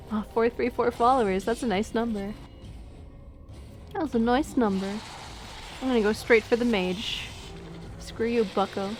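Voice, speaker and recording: Young woman streamer, casual chat, giggly, a bit high-pitched, faint hiss. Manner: chatty, giggly, self-deprecating. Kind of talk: casual chat over gameplay.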